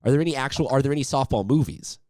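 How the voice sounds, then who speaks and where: A man's voice: medium pitch, expressive, racing, warm tone, dry recording, studio quality. A man hosting a sports interview, upbeat and chatty, rambling with restarts. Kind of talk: casual interview.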